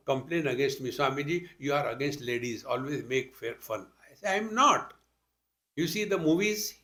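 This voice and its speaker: A man's voice: a little high, fairly bright tone. An older man with an Indian accent giving a spiritual talk, telling stories with rhetorical questions and humorous asides. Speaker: spiritual teacher. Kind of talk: spiritual discourse to an audience.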